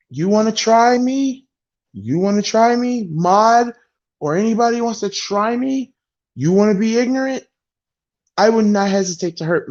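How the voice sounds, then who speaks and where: A man's voice: high voice, a little mellow. A man ranting bluntly and with exasperation as a sports vlogger venting about his football team. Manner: exasperated, blunt, heavy sighing. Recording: dull lo-fi sound.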